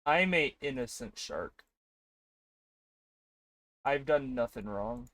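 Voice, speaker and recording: A young man streaming, chatting casually with his viewers in an animated way, laughing often and swearing freely. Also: medium pitch, slow pace, no room sound. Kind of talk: casual live-stream chat.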